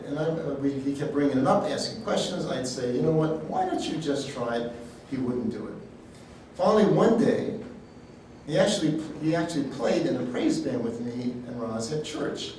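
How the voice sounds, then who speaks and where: A man teaching a sermon, telling personal stories in a folksy, animated way. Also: mid-range voice, normal speed, a little hiss or hum. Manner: storytelling, animated, folksy asides. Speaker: healing ministry teacher. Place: church hall. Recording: echoey hall, speaker far from the mic.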